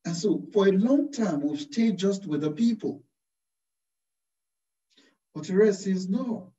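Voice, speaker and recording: A man, a Carmelite priest, preaching a slow, deliberate sermon full of rhetorical questions. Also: high-pitched, animated, warm tone. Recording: distant, roomy, dull-sounding recording.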